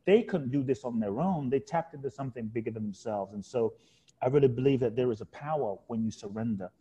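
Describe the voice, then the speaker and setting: A man's voice: mid-range voice, fast talker, warm tone. A middle-aged man, a guest author in an interview, telling a reflective personal story in an earnest, heartfelt way and repeating key words for emphasis.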